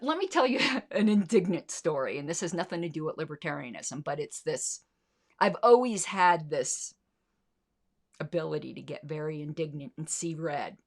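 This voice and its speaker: This middle-aged political livestream host has a low-pitched voice with a bit of brightness to it. Indignant and blunt, she swears plenty and keeps throwing out sarcastic rhetorical questions.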